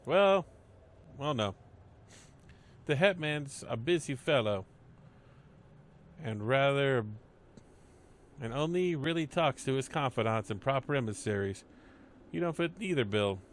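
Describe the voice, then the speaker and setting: A man's voice: medium pitch, expressive, unhurried, long pauses, slight background noise, close to an everyday voice. A man voicing a wry, streetwise male gatekeeper of a compound, with a slangy, sardonic manner.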